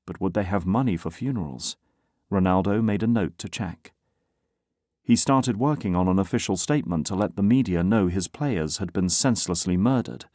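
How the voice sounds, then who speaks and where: Male audiobook narrator, low voice, steady reading, dry recording. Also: normal speed, no echo. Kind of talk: scripted narration.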